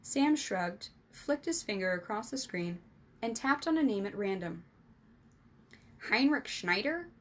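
Female storyteller, scripted narration, ups her pitch for the characters' dialogue. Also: expressive, normal speed. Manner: voices boys' dialogue with higher, louder pitch.

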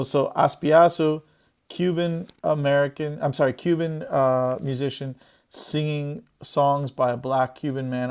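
A man on a webinar call, his voice pitched in the middle range. He muses aloud, reflective and unhurried, as a panelist. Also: clear, resonant tone. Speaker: panelist, music scholar. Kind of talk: casual webinar discussion. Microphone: video call.

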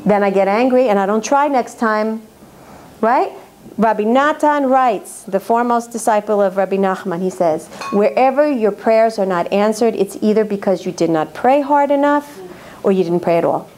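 A woman with a high, bright speaking voice gives a faith lecture to a live audience. She talks earnestly and with emphasis, often repeating a word several times to drive it home. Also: slight background noise. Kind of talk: religious lecture to women.

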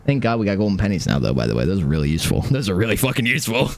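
A young man streaming a video game, swearing, repeating himself and swinging from high yelps to low mutters. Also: sing-song, very fast, gravelly. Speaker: gaming streamer. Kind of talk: live gameplay commentary. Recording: game music behind.

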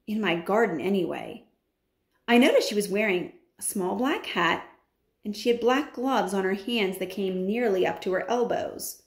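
A woman reads a children's story aloud with lively expression, stopping now and then for chatty asides. Her voice sits at a middle pitch and rings in a roomy, echoey space. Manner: animated, adds chatty comments. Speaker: teacher reading aloud. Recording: roomy echo.

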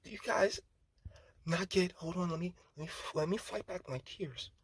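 A man voicing a mocking impression of a male politician, airy and breathy, in a quavering, near-whispered, fake-tearful tone. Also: high voice, moderate pace, no room sound, voice pushed up. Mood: mock weeping.

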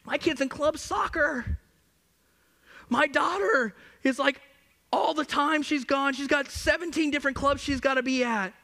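A man's voice: extremely high pitch, unhurried, vocal fry, pushed and bright, pitched above the performer's own voice, full character voice. A man voicing a busy churchgoer who whines through a list of excuses. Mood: whining. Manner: whiny, self-justifying.

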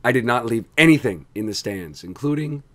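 A hoarse man hosting a tech show, bantering in an animated, self-deprecating way. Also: medium pitch, brisk. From Canada. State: hoarse from screaming. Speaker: podcast host.

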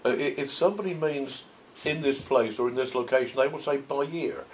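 An older man from Norfolk talks at a middle pitch, picking his words slowly and circling back with restarts. He is a priest answering questions from an audience, thoughtful and unhurried. A faint hiss of ambience runs beneath him. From Norfolk, England. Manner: thoughtful, rambling, with frequent restarts. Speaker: priest and convention guest.

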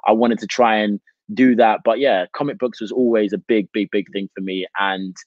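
A British man, an actor, talking through his craft at length in a relaxed interview, with frequent "you know" fillers. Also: lowish voice, normal speed, no room sound, highs cut off. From United Kingdom. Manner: expansive, reflective, many "you know" fillers. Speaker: actor, guest. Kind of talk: casual interview chat.

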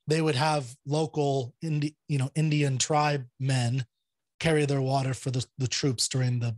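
A man with a slightly husky voice talks through his subject in a loose, chatty way. He hosts the conversation, piling up fillers like "you know" and "like" and restarting his sentences as he goes. The sound is close and dry, with no room around it. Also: medium pitch, a little mellow, no echo. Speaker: host presenting a poem. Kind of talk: casual chat.

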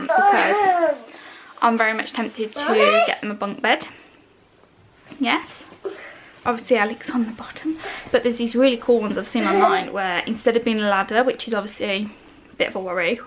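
A woman chatting to the camera in a casual home vlog. She rambles and keeps breaking off to coo at and scold her small kids. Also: fairly high pitch. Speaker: vlogger and mother. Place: family home indoors and in the garden. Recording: noisy home camera recording.

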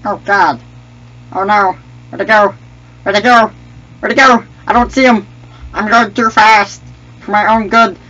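A man's voice: high-pitched, normal speed. A man doing a goofy, clumsy alien sidekick, Jar Jar Binks. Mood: gleeful. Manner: excitable, trash-talking, sing-song babble. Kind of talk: gaming commentary in a character voice. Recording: dull lo-fi mic with faint hum.

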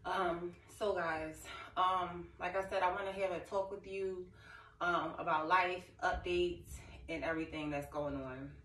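A woman's voice: on the low side, steady tone, a little slow, fairly bright tone. A young woman vlogging to camera, telling an emotional, rambling story in casual talk. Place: living room. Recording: echoey room, far from mic.

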